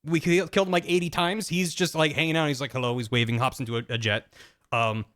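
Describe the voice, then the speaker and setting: Casual male streamer, slightly higher pitch, rambly plot recap full of fillers. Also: steady tone, fast talker, a bit bright. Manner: chatty, rambling, lots of fillers and restarts. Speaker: streamer explaining a game plot. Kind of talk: casual retelling with acted-out quotes.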